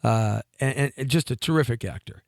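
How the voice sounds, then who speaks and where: A man's voice: medium pitch, brisk, vocal fry, no room sound. A man telling a long story on a talk show, rambling with many fillers and restarts and acting out the voices of the people in it. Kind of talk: animated storytelling.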